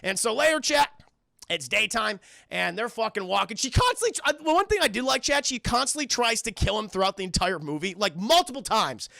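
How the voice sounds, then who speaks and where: A man casually retelling a film to his live chat, profane and animated, addressing the chat constantly. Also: high voice, a little fast, vocal fry, dry recording, clean studio sound. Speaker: streamer and film reviewer.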